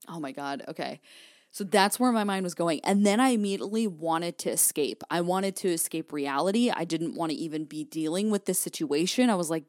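A woman's voice: on the low side, expressive, normal speed, a little mellow, dry recording, clean studio sound. A young woman hosting her own podcast, telling a personal story candidly, swearing freely and acting out her past thoughts. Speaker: podcast host.

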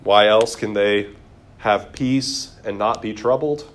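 A man speaking slowly in a voice on the low side teaches an interactive Bible class in a room. He quizzes the group and reads passages of scripture aloud.

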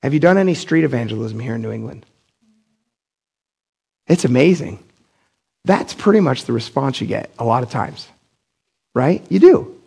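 A man's voice: medium pitch, lively intonation, normal speed, creaky, pauses often, warm tone, slightly rough. A middle-aged man from Pennsylvania preaching a casual, blunt sermon as pastor, acting out the people he quotes with big jumps in his voice. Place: church.

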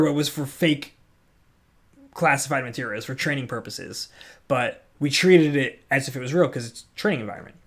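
A man in his thirties, an Army NCO and resilience instructor, telling a story in casual chat with lots of restarts and filler words. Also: mid-range voice. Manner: rambling, many restarts and filler "like". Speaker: Army non-commissioned officer and resilience course instructor.

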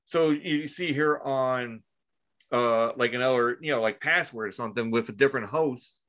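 A man's voice: mid-range voice, normal speed, fairly bright tone. Rambling lo-fi podcast host, a man. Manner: rambling storyteller, lots of fillers and swearing. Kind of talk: casual podcast chat.

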